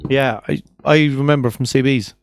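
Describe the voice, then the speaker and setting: A man's voice: medium pitch, fairly even intonation, moderate pace, no echo. A man in his thirties with an Irish accent, co-hosting a casual podcast and joking around with friends. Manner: jokey, swearing, laughing a lot. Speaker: podcast co-host. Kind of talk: casual banter on a live stream.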